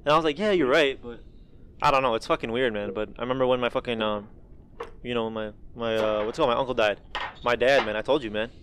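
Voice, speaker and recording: Fast-talking young man, profane and rambling. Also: medium pitch, background noise. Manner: rambling, profane storytelling with animated quoted voices. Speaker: podcast co-host. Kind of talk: casual chat.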